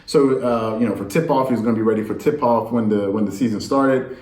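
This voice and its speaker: A man's voice: lowish voice, fairly even intonation, brisk, a little mellow, roomy sound. A man talking casually about sports news, rambling and incredulous, speaking straight to his viewers. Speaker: sports commentator. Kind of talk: casual sports talk monologue.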